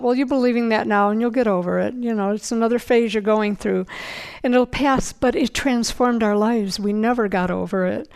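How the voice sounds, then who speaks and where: An older woman giving an informal Bible teaching, earnest and conversational, slowing down to read scripture aloud. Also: fairly high pitch, darkish tone, smooth, low-quality recording.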